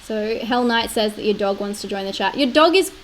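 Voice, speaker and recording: On a live stream, a woman in her late twenties with an Australian accent chats casually at a slightly fast pace in a medium-pitched voice. She laughs often and fills her talk with "like" and other fillers. The low-quality recording has slight background noise.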